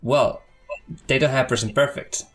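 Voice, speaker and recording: Male host, mid-range voice, curious, halting restarts, faint music. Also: medium pitch, steady tone. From Spain. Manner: curious, hesitant, many restarts. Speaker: interviewer, host. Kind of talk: casual interview chat.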